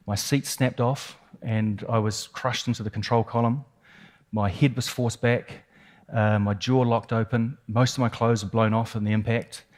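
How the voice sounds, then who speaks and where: A keynote speaker with a New Zealand accent recounts a dramatic personal experience, building suspense with vivid details and emphatic repetition. His voice is fairly low and a little mellow.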